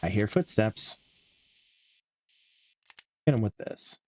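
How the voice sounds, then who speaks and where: A man's voice: on the low side, expressive, slow, a little mellow. A tired young man talking casually to himself while streaming a game, mumbling and swearing now and then. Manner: drowsy, yawning, mutters to himself, swears casually. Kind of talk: casual gameplay commentary.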